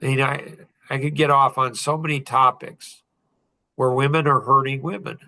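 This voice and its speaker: Podcast host, man, 60s, blunt and preachy, bright voice. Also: mid-range voice, steady tone, normal speed. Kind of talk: casual podcast talk.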